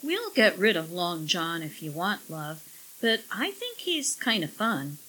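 A woman's voice: fairly low pitch, very animated, unhurried, sharp tone, a little hiss or hum, full character voice, poor audio. A woman voicing an easygoing young husband in an audiobook, speaking tentatively and often trailing off mid-sentence. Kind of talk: audiobook character voice.

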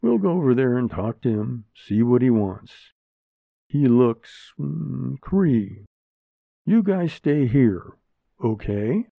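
A man voicing a calm, laconic older man with dry humor, in a storybook reading. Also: medium pitch, takes it slowly, creaky, no echo, heavily acted. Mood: easygoing. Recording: narrow phone-like sound, dry.

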